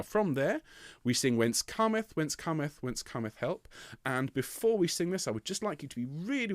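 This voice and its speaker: A man's voice: medium pitch, dry recording. A man teaching a choir part, patiently explaining and singing short demonstration phrases with encouragement. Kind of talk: choir rehearsal tutorial. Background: piano accompaniment.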